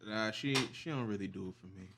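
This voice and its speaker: Young man, low voice, relaxed, agreeable, casual podcast chat. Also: fast talker, creaky, background noise. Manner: relaxed, eager agreeing interjections. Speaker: podcast co-host.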